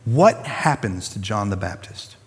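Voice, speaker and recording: A man preaching a sermon to a congregation, telling the story in an animated, conversational way with casual slang. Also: lowish voice, unhurried, husky. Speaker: pastor. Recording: long reverb of a large hall.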